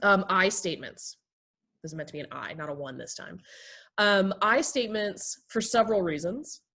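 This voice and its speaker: A woman therapist and pastor teaching basic communication skills in a relaxed talk, acting out short everyday examples. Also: mid-range voice, moderate pace. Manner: explains with acted everyday examples.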